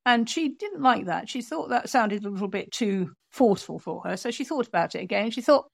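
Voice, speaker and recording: A woman author telling an animated story in an interview, acting out the people she quotes. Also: on the high side, a little fast, gravelly, few pauses, dry recording. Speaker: author and guest.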